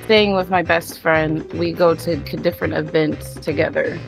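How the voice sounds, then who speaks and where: Low, gravelly-voiced woman interviewee. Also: fairly even intonation, moderate pace, music in the background. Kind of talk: casual interview answers.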